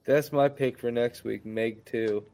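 A man's voice: mid-range voice, steady tone, measured pace, dark tone. A man co-hosting a movie commentary podcast, joking crudely in casual banter. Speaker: podcast co-host.

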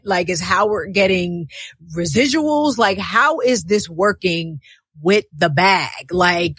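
A woman co-hosting a tech podcast, animated and emphatic, piling up questions. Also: medium pitch, slightly rough, no echo. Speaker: podcast co-host. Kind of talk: casual tech discussion.

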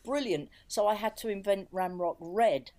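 A middle-aged woman from England, a record label owner, telling an anecdote in a relaxed chat and acting out the voices in her quotes. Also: mid-range voice, moderate pace. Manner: lively storyteller, acts out voices in quotes.

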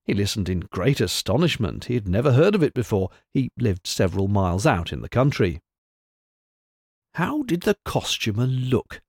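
A man reading a storybook aloud in an expressive, animated way. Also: on the low side, fairly quick, hardly any pauses, no room sound, clean studio sound. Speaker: narrator.

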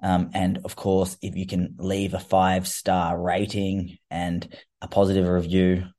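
Aussie guy with a deep voice doing his coaching podcast, rambly and casual. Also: monotone, a little slow, warm tone. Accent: Australian. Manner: chatty, rambling, informal with fillers. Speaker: fitness coach podcast host. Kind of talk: casual solo podcast talk.

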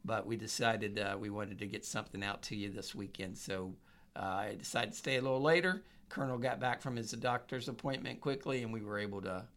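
A man's voice: on the low side, a little fast, fairly bright tone. Easygoing male podcast co-host. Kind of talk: casual podcast banter.

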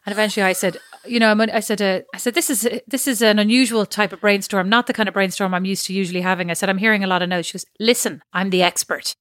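A woman's voice: mid-range voice, steady tone, racing, hardly any pauses, a bit bright, no room sound, clean studio sound. A woman co-hosting a podcast in casual chat, who rambles and laughs at her own jokes. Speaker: podcast co-host.

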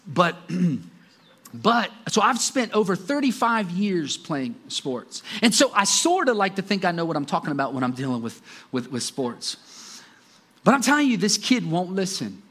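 A man's voice: sits high, a bit bright. Guy in his 40s preaching, swoops up and down a lot, jokey storytelling. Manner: storytelling with self-deprecating humor and laughs. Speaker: pastor. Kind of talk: sermon.

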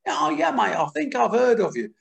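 Retold impression: older man playing a squeaky easygoing boxer, pitched way up. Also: huge pitch swings, moderate pace, creaky, heavily acted. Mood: breezy. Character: squeaky-voiced Australian boxer, man, relaxed.

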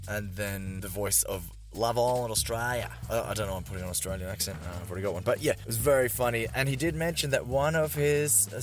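A man hosting a comedy podcast, introducing the episode and chatting with quick jokes. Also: medium pitch. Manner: chatty, quick with joking interjections. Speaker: podcast host. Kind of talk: podcast intro and casual chat.

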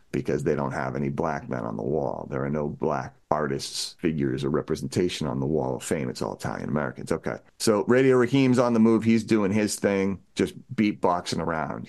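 A man with a very deep voice talks casually and eagerly about a movie with his co-host. He breaks down characters one by one in a relaxed conversational way. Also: vocal fry. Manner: enthusiastic, recaps characters conversationally. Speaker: podcast co-host. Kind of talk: casual film discussion.

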